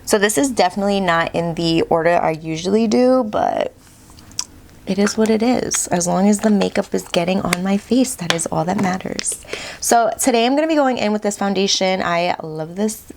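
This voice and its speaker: A woman's voice: mid-range voice, moderate pace, creaky, noisy background. A woman, chatting bubbly through a makeup routine as a beauty vlogger. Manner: bubbly, keeps saying "you guys". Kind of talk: chatty get-ready-with-me makeup talk.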